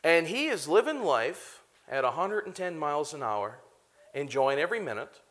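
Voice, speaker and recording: A man in his thirties preaching a sermon to a live congregation, animated and often laughing as he talks to them directly. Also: fairly high pitch, normal speed. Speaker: pastor.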